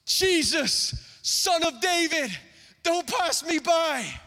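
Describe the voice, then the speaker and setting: A man acting out a desperate blind beggar, shouting loud pleas for help. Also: very high voice, lively intonation, slow pace, big-room sound, voice pushed up, exaggerated voice. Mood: desperate pleading.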